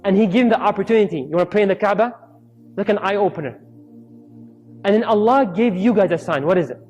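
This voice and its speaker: A man's voice: high-pitched, fast, dull audio, soft background music. A man giving a storytelling sermon, acting out the voices of people in his stories. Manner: acts out quoted voices in lively storytelling. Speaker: Islamic speaker.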